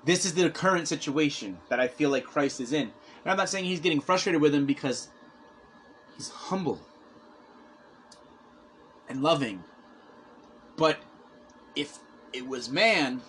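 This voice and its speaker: A man's voice: on the high side, lively intonation, unhurried, pauses often, fairly bright tone, a little hiss or hum. A man preaching a conversational sermon, earnestly retelling a scripture story with quoted asides.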